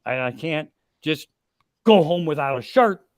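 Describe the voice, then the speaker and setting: A man in his sixties spins profane comic stories on a live podcast, getting loud on the punchlines. His voice sits a bit high, and the recording is close and dry. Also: lively intonation, a little slow, no echo. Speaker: comedian guest telling stories. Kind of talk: casual storytelling on a live podcast.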